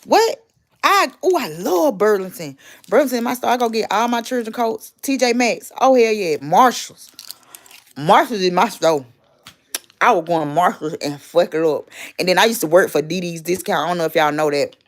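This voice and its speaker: A woman's voice: medium pitch, normal speed. A woman, casually ranting and gossiping on a livestream, blunt and profane. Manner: blunt, profane, loudly animated.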